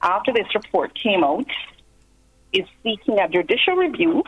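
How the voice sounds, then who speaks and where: A woman's voice: mid-range voice, big pitch swings, slightly rough. Jamaican woman explaining on a phone line. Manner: measured, explains step by step with pauses. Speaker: guest commentator. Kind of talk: phone-in news interview.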